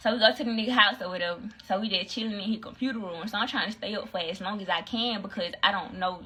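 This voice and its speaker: Bright-voiced young woman telling a story. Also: quick pace, slightly rough. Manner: animated storyteller, acts out voices, swings high for quoted friends. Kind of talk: casual storytime on a phone livestream. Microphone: phone.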